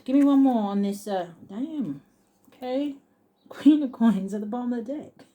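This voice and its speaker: A woman giving a casual tarot reading on her channel, thinking aloud and chuckling as she reads card texts slowly. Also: a little high, lively intonation, phone-quality sound. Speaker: tarot reader.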